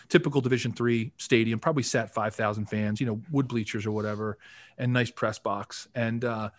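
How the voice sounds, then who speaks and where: A man's voice: mid-range voice, dry recording. A man in his fifties from the Philadelphia area, a former pro football player telling rambling stories as a podcast guest, full of "you know" fillers. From Philadelphia area, USA. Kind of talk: casual storytelling interview.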